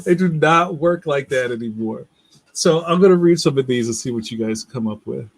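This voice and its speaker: A young man with a Philadelphia accent hosts a casual livestream in an animated, medium-pitched voice at normal speed. He rambles loosely, laughs often, and reads out viewer comments. The recording is dry.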